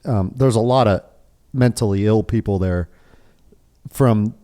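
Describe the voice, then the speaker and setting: A man's voice: lowish voice, unhurried. A man co-hosting a casual podcast, telling stories animatedly and swearing often. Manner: profane, animated storytelling. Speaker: podcast co-host. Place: hilltop cabin.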